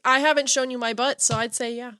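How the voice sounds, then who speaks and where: Jokey young woman, slightly high voice. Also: fast, no echo, clean studio sound. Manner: jokey, animated. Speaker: podcast co-host. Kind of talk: casual chat.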